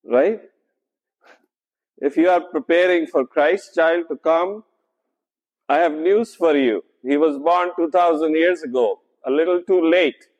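In a large hall recorded with lo-fi sound, a male pastor with a fairly high, slightly mellow voice preaches a conversational sermon in a church sanctuary. He frequently asks "right?", uses many fillers, and delivers slowly and deliberately.

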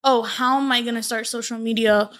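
A young woman from Latin America, a wellness coach, telling her story on a podcast in a candid, animated way, acting out quotes. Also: fairly high pitch, brisk, dry recording. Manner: animated, acts out quotes in lively voices.

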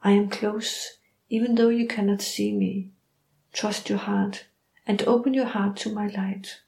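A woman voicing a calm, loving female dog spirit who speaks softly and soothingly. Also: medium pitch, creaky. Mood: gentle, soothing. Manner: soft, slow and soothing. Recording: roomy echo.

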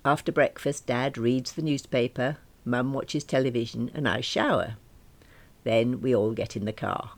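A woman's voice: rumbling low, animated, moderate pace, gravelly, darkish tone, no room sound. A woman reading a diary-style story aloud in a wry, dry manner. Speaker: reader.

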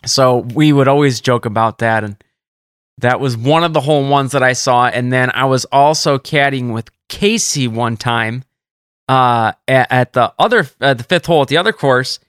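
A man co-hosting a casual podcast, telling stories with lively energy and jumping up in pitch whenever he quotes someone. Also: moderate pace, clear, resonant tone, no room sound, studio quality. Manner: animated storyteller, jumps up in pitch for quotes. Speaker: caddie podcast co-host. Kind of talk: casual storytelling chat.

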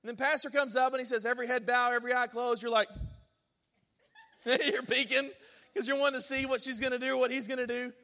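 A man preaches a sermon as an animated storyteller, breaking into excited bursts and laughter. His voice sits high for a man and rings bright. The sound carries a long reverb from a large hall. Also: fairly quick, pauses often.

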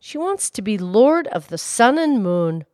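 A woman's voice: on the high side, big pitch swings, a little slow, mellow, dry recording, clean studio sound. A woman reading aloud, voicing a timid old fisherman who pleads with his wife and calls to the sea. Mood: pleading. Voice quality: fearful, pleading.

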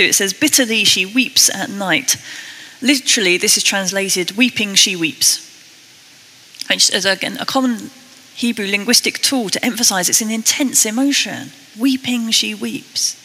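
A British woman preaching a sermon, earnest and a little self-deprecating, slowing down to read scripture. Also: medium pitch, sharp tone, slightly rough, long reverb tail, rough recording. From Britain.

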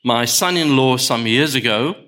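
A man's voice: mid-range voice, bright, forceful tone. An older man preaching a sermon, telling stories unhurriedly and stressing points through repetition. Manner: unhurried storytelling with emphatic repetition. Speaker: pastor.

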